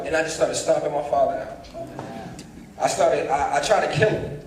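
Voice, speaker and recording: A young man, storytelling to a seminar crowd with a fairly high, lively voice. He acts out the voices in his story and speaks straight to the audience. The sound booms through a large, very reverberant performing arts hall, picked up from far off with faint ambience underneath. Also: a little fast, a little hiss or hum. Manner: animated, acts out dialogue, addresses the crowd directly. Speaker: motivational speaker. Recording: echoey hall, distant mic, faint ambience.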